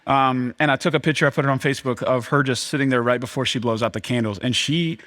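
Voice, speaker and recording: A young male pastor delivers a sermon in a church, his voice sitting at an ordinary middle pitch. He preaches in a lively, conversational way, often jumping up in pitch and volume to act out a listener's reaction. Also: quick pace. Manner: animated, acts out crowd reactions in a raised voice.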